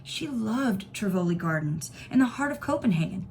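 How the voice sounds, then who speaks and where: A woman teacher reads a novel aloud for her class, clear and steady. She tells the story plainly and evenly, with a faint hiss underneath. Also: mid-range voice, moderate pace.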